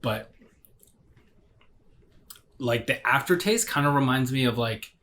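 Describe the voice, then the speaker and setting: A man's voice: mid-range voice, lively intonation, slow pace, a bit bright. Rambling man reviewing a beer. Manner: rambling, hedging, searching for words. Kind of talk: casual tasting chat.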